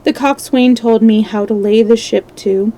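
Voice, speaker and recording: A woman storyteller reading a classic adventure novel aloud on a live stream, steady and measured with small slips. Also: a little high, poor audio.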